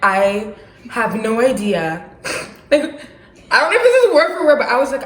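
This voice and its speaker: A young adult woman casually telling a dramatic personal story for her vlog, animated and slangy with bursts of laughter. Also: a little high, normal speed, a little hiss or hum. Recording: roomy echo.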